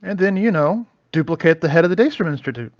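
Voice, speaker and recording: Loose, rambling male podcast co-host; slightly high voice, dull close recording. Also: expressive, fast talker, dry recording. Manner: rambling, loose, filler-heavy. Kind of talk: casual commentary chat. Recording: dull, dry lo-fi sound.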